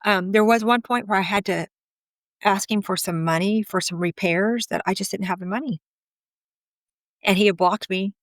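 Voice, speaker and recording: A woman's voice: medium pitch, dry recording. Middle-aged woman, candid and chatty storyteller, acts out quotes, dry close sound. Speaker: guest telling her story. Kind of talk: personal storytelling.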